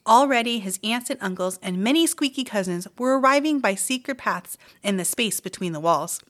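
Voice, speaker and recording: As a mystery reader, a woman reads a children's chapter book aloud with lively, expressive storytelling. Her voice is on the high side and fairly quick.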